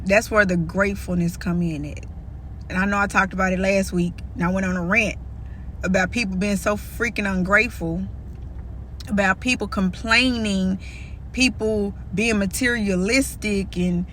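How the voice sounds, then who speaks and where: A woman talks straight to her viewers in a relaxed, candid vlog chat. Her voice is bright and forceful, at a middle pitch. There is a faint hum of noise behind her. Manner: candid and chatty, calls viewers "y'all". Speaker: vlogger.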